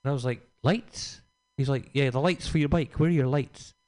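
A man's voice: medium pitch, fast, darkish tone. A man doing a stand-up set, telling a rambling, profane anecdote and acting out the quotes. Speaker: stand-up comedian.

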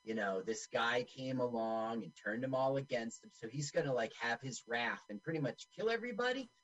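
A man's voice: mid-range voice, expressive, normal speed, fairly bright tone, highs cut off. A man co-hosting a podcast who narrates the on-screen action of a movie with sarcastic asides. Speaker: podcast co-host. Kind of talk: casual movie commentary.

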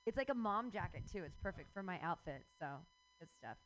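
A woman's voice: mid-range voice, a little fast, faint music behind, poor audio. A woman in her forties hosting a radio show, ranting casually with swearing and frequent laughs. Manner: animated, swearing, laughs often.

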